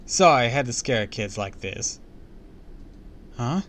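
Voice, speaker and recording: A cold, scheming woman who speaks with quiet menace, her voice rising sharply at moments, as a man takes on her part. Faint hiss behind it. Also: mid-range voice, expressive, slow. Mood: menacing.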